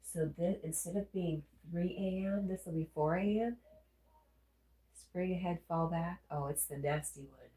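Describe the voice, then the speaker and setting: A woman's voice: lowish voice, a little slow, dark tone, echoey room. A woman with a Southern accent and a stuffy nose, casually chatting as a livestream host and reading viewer comments aloud. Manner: chatty, reads comments aloud and answers them.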